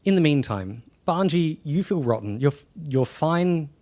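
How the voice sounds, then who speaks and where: A man running a tabletop role-playing game, narrating scenes and joking with his players in a relaxed, playful way. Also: a little high, normal speed. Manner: easygoing, playful, punning. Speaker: game master.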